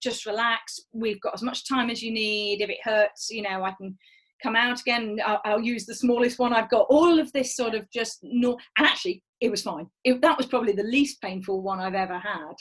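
A woman in her thirties telling a frank, animated personal story in casual chat, acting out quoted voices. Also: on the high side, normal speed, poor audio.

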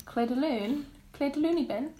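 A woman's voice: high-pitched, unhurried, roomy sound, over a noisy crowd. A woman co-hosting a podcast with friends, playful and jokey as she reads out credits. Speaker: podcast co-host. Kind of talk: casual group chat.

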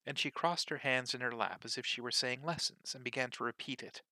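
A man narrating a storybook aloud in an expressive, measured way. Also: medium pitch, dry recording.

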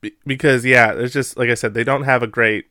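A man co-hosting a casual podcast chat, easygoing and chuckling, with quick asides. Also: mid-range voice, fairly even intonation, bright, forceful tone, dry recording, clean studio sound. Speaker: podcast co-host.

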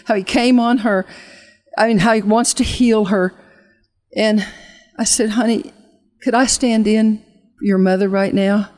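A woman ministry leader telling an emotional testimony and leading an altar call, speaking earnestly with halting restarts and a fervent preaching cadence that slows for emphasis. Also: mid-range voice, a little mellow.

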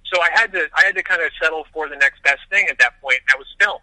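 Fast-talking bright-voiced man telling a story. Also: a little high, dry recording, poor audio. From Las Vegas, USA. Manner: animated storyteller, frequent restarts. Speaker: interview guest, film director. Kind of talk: casual interview storytelling.

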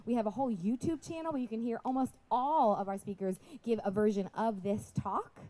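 A woman with a high, bright-toned voice addresses a festival crowd through a PA microphone. She pushes her voice loud so the back rows can hear, breaking off for friendly asides. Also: brisk. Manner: projecting loudly to reach the back; chatty, apologetic asides. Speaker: speaker at a Christian festival. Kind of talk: live talk to an audience.

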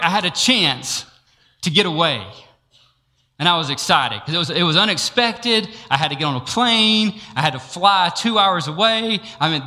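A man's voice: a little high, pushed and bright. A man preaching a sermon who tells a personal story, acts out the dialogue and laughs often. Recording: long reverb of a large hall.

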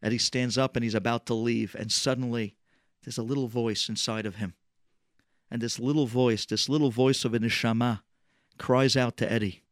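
A man telling a religious story dramatically, swinging between loud and hushed. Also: medium pitch, fairly even intonation, moderate pace, dry recording, clean studio sound.

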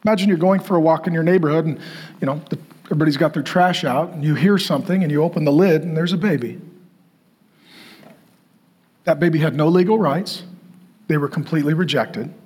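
A male pastor preaching a sermon in an emphatic way, repeating phrases and pausing for effect. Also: on the high side, darkish tone, husky. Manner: emphatic, repetitive, with dramatic pauses.

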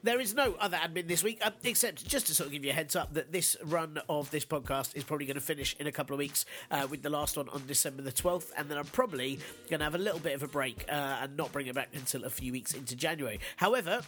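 A man's voice: fairly high pitch, quick pace, soft background music. A man hosting a podcast, stuffed up and nasal from a cold, delivering sardonic news jokes and casual chat. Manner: sardonic, deadpan jokes with fillers. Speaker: podcast host.

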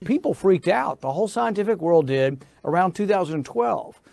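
A man's voice: sits high, animated, normal speed, vocal fry, a little mellow, dry recording. A middle-aged American man who is a senator, telling a story in an interview in an insistent manner that builds to indignation. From United States.

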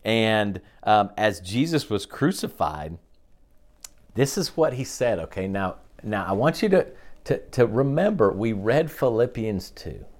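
A middle-aged man giving a sermon in a fairly low voice. He talks earnestly and keeps checking in with "okay". When he quotes the crowd, his voice jumps up in pitch. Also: sing-song, a little slow, darkish tone. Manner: earnest, repeatedly asks listeners to imagine the scene; says okay often, acts out quoted voices with raised pitch. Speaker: pastor.

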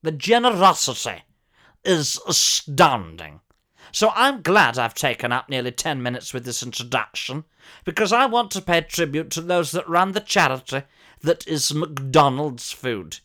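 A man's voice: a little high, sing-song, a little slow, bright, forceful tone, heavily acted. Guy putting on a posh old actor type, plummy and theatrical, voice swoops all over the place. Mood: pompous. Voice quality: plummy, theatrical, prone to sudden shrieks. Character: pompous posh older male ex-soap actor. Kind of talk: comic character monologue.

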